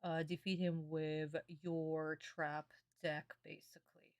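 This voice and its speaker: A young woman streamer in a casual reaction stream, excitable and gushing, swearing often. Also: low-pitched, slow pace, no echo.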